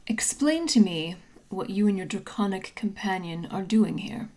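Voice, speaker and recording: A woman's voice: medium pitch, unhurried, natural voice. A woman voicing a stern, formal human woman investigator in armor. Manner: cold, formal, clipped.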